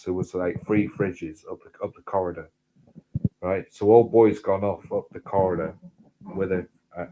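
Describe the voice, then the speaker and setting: Sweary bloke telling stories. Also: male voice, background noise. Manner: sweary rambling anecdotes, gets loud and high when excited. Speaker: host. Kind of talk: casual storytelling chat.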